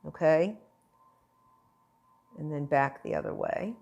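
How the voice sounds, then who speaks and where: A woman's voice: deep voice, slow, gravelly, a little mellow. A middle-aged woman chef giving a chatty, playful, encouraging cooking demonstration. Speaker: cooking instructor.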